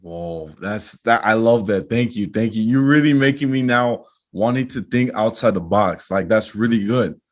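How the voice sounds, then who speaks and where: A man's voice: lowish voice, moderate pace, few pauses. A man hosting a podcast, interviewing his guest in an encouraging, reflective way. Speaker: podcast host.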